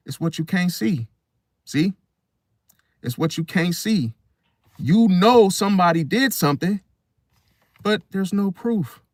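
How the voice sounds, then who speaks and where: Emphatic man with a fairly high voice. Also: expressive, a little slow, pauses often, dry recording, studio quality. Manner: emphatic, keeps asking "See?", repeats phrases. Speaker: astrology channel host. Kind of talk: casual monologue to camera.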